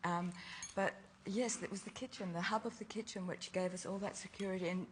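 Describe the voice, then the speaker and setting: A woman's voice: mid-range voice, fairly even intonation, brisk, a little hiss or hum. An older woman, a fashion designer, telling stories from her youth in a casual interview, laughing often. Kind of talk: casual chat.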